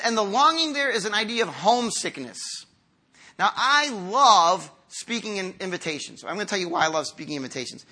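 A man in his fifties preaching a sermon to a congregation, earnest and conversational, moving from quiet, slow lines to emphatic ones. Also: high-pitched. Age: 50s. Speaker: pastor.

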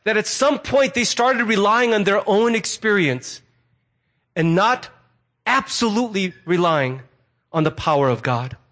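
Speaking in an animated, slightly bright voice, fairly high for a man, a middle-aged pastor preaches in a relaxed, conversational style. Quick quoted asides pop up throughout his sermon.

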